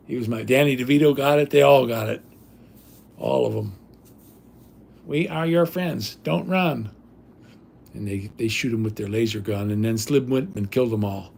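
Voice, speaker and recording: A man's voice: mid-range voice, a little mellow. An older man hosting a livestream, telling rambling stories in a blunt, casual way with salty language. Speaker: livestream host.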